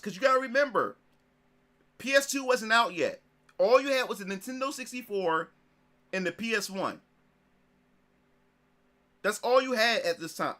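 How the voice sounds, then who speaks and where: A man in his thirties, a gaming streamer, reminiscing in casual commentary, excitable and repetitive, swearing and restarting his sentences. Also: high voice.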